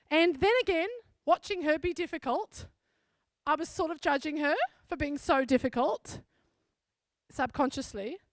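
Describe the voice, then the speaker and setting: A woman's voice: very high-pitched, no room sound. A woman pastor from South Africa giving a sermon, telling a personal story in an earnest, conversational way.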